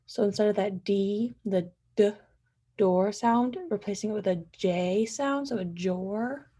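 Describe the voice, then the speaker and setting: A woman's voice: mid-range voice, steady tone, measured pace, dark tone. A young woman giving a class presentation, hesitant, with frequent ums and likes. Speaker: student presenter.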